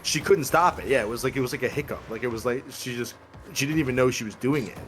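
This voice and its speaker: A man's voice: mid-range voice, quick pace, a bit bright. Laughing, crude young male storyteller. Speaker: podcast co-host. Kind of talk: casual chat.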